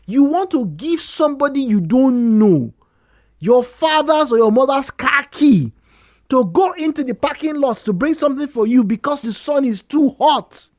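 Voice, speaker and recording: A woman's voice: high voice, moderate pace, no echo, studio quality. A woman with a Nigerian accent hosting a radio talk show, telling a story with lots of emphasis and repetition. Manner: animated storytelling, repeats points for emphasis.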